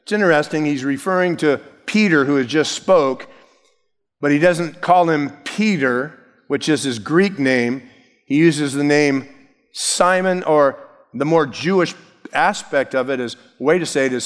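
A man's voice: fairly high pitch, unhurried, long reverb tail. A man preaching an expository sermon as pastor, emphatic, stressing key words and shifting his pace.

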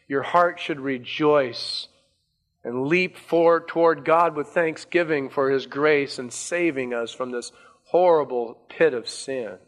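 Bright-voiced, slow, emphatic preacher. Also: male voice, mid-range voice. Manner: emphatic, repeating key words, slow deliberate stresses. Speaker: pastor. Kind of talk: sermon.

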